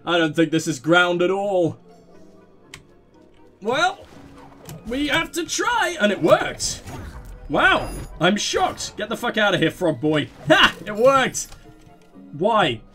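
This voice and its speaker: A man hosting a let's play, giving excitable, self-mocking game commentary full of swearing. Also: high-pitched, slow pace, pauses often, soft background music.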